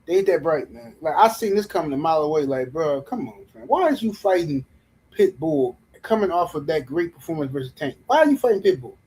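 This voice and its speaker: A man hosts a casual boxing commentary livestream. He rants in an animated, mocking way, full of slang and repeated jabs. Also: fairly high pitch, fairly quick, rough recording. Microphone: livestream mic.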